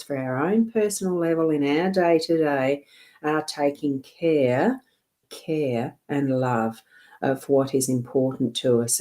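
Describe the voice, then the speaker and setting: A woman with a South Australian accent giving a rambling, gentle card reading on a livestream from her home desk, often laughing. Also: sits low. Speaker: psychic card reader.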